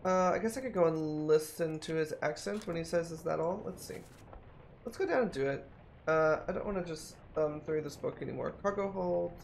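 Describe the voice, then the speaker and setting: This streamer talks a little fast in a gravelly, slightly mellow medium-pitched voice, with slight background noise. Playing a mystery game, they think aloud casually, musing and repeating themselves as they try to figure it out.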